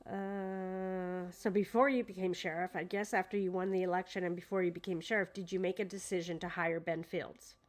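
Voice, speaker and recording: A woman's voice: lowish voice, level tone, normal speed, hardly any pauses. A woman at home casually reading a court deposition aloud and commenting on it, hesitant and full of fillers, sounding incredulous. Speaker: true crime commentator. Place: at home with her dogs.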